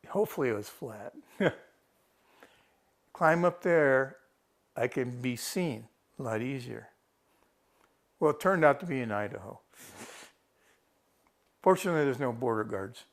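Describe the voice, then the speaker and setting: Male interviewee, mid-pitched gravelly voice, rambling casual storyteller who quotes his own thoughts. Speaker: rescued hiker interviewed by a TV reporter. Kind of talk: casual first-person account.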